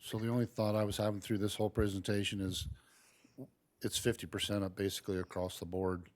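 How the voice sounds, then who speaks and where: Deep low voice, board member rambling through a question at a meeting, lots of i mean. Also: level tone, fast. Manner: rambling, searching for words with repeated "I mean". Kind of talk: informal question at a public meeting.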